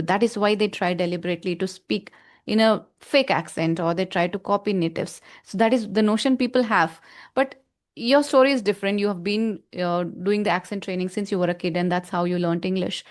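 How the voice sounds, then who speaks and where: A woman hosting an interview, listening attentively and affirming her guest often. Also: mid-range voice. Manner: attentive, frequent affirming backchannels. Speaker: interview host. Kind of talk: conversational interview.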